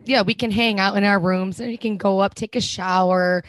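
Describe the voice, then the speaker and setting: A woman co-hosting a podcast in casual chat, loud, blunt and teasing. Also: mid-range voice, fairly even intonation, moderate pace, dry recording. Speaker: podcast co-host.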